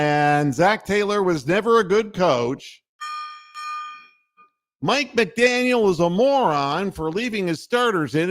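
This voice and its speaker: Profane ranting sports radio host, man. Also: fairly high pitch. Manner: profane, sardonic, heated. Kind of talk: ranting sports talk monologue.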